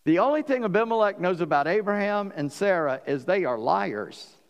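A pastor preaches a sermon to his congregation, his voice sitting high for a man. He tells the story with animation and expression, slipping into the voices of its characters at a moderate pace. A long reverb from a large hall colors the sound, and the highs are cut off.

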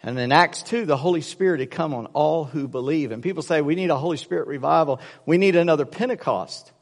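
Animated preacher in a reverberant hall. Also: male voice, fairly high pitch, a little fast. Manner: storytelling, animated, acts out voices in jokes. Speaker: pastor. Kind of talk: sermon.

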